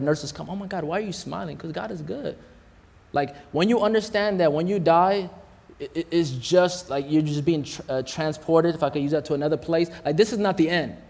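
A man's voice: on the high side, a little mellow. Slangy preacher man in a reverberant hall. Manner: casual, slangy preaching with call-outs to the crowd. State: hot and sweating. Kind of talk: sermon.

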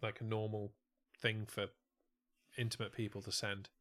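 A man's voice: fairly low pitch, level tone, moderate pace, fairly bright tone. A man co-hosting a casual live-streamed podcast, joking and spinning absurd stories. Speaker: podcast co-host. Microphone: studio mic on a stand.

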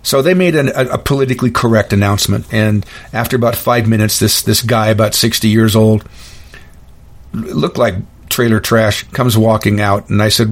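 A man's voice: lowish voice, fairly quick. A man hosting his own podcast, telling stories in a blunt, opinionated, folksy monologue. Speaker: podcast host. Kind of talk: casual monologue.

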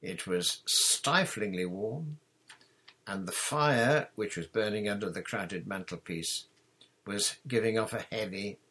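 Slow, husky-voiced male audiobook narrator. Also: on the low side. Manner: measured, expressive reading.

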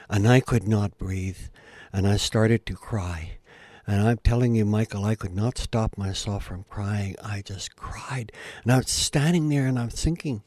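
With a mellow voice caught in a dry recording, an older guest musician tells an earnest, heartfelt story during an interview. At the big emotional moments he rises in pitch and volume.

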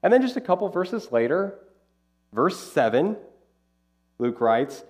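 Animated male preacher, lively voice. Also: high voice, measured pace. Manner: conversational, animated Bible teaching. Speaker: pastor. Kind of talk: sermon.

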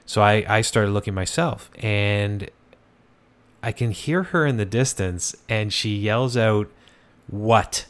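A man with a fairly low voice tells a ghost story in a loose, conversational way. He stops and restarts often and fills the gaps with "uh" and "kinda". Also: unhurried. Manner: relaxed, conversational, many fillers and restarts. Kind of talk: casual storytelling.

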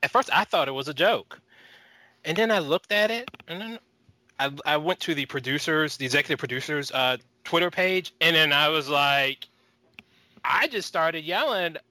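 Bright-voiced man chatting excitedly. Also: on the high side. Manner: excited, halting speech with restarts. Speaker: podcast co-host. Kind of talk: casual podcast chat.

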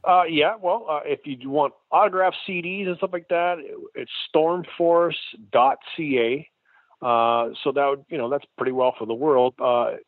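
A man's voice: a little high, normal speed, no room sound. A man, a musician guest, talking enthusiastically and gratefully in a casual interview, often saying "man". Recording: tinny phone line, dry.

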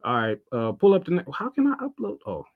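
A man's voice: high voice, wildly swooping pitch, a little fast, creaky, no room sound, phone-quality sound. Loose, swearing American man podcasting. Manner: loose, laughing, swears freely, hums to himself. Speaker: podcast co-host. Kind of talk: casual chat.

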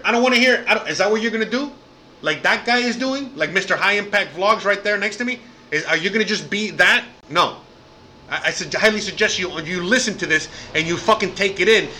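A man's voice: sits high, sharp tone, slight background noise. A man ranting profanely in a reaction video, repeating "you know what I mean" over and over. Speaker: commentator reacting to clips.

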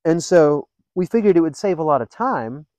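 A man hosting a podcast, telling funny stories in a casual, animated way and laughing often. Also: on the high side, normal speed, no room sound, poor audio. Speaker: podcast host. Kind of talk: casual storytelling chat.

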